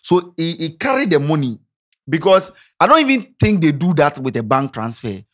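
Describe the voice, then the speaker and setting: A man's voice: a little high, big pitch swings, moderate pace. A Ghanaian man giving passionate, sarcastic social commentary, firing off rhetorical questions. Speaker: commentary vlogger.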